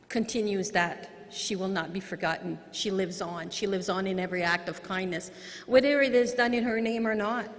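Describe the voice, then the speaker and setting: A woman, a mother, giving an earnest storytelling speech at an award ceremony in a large event hall, speaking into a podium microphone. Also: medium pitch. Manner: earnest, storytelling, occasional restarts. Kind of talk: heartfelt public speech. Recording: long hall reverb.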